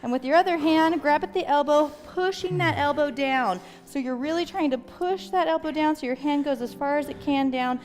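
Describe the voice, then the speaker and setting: High-pitched woman coaching reps and stretches, encouraging, long reverby hall, light music behind. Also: normal speed, few pauses, a little mellow. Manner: encouraging, gives step-by-step cues. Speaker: fitness instructor. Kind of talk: follow-along workout coaching.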